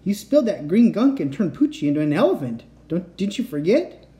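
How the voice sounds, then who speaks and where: A man's voice: high-pitched, big pitch swings, a little fast, dark tone, voice pushed up. A man reading a children's storybook aloud and voicing a nervous young boy who protests in a jumpy, defensive way. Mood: worried.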